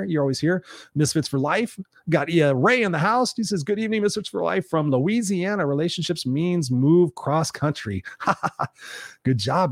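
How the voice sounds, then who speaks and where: A middle-aged man with a mid-range voice hosts a livestream, speaking earnestly and emphatically about relationships in a motivational vein. He reads out viewer comments, quoting them in a raised voice. The studio-quality recording has no room sound.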